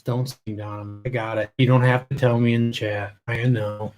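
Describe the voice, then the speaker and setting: A man's voice: mid-range voice, level tone, moderate pace, a little mellow. A man hosting a casual live stream, greeting viewers by name, a little choked up and often trailing off mid-sentence. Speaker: livestream host.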